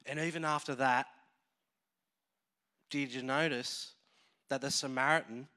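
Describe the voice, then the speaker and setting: A man preaching a sermon as a pastor, emotional and animated, acting out voices as he tells a parable. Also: medium pitch, a little slow.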